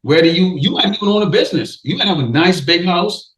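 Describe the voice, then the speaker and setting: A man's voice: sits high, expressive, fairly quick, fairly bright tone, echoey room, rough recording. A man preaching a warning sermon, emphatic, often stopping to say okay and restarting his sentences. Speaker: street preacher.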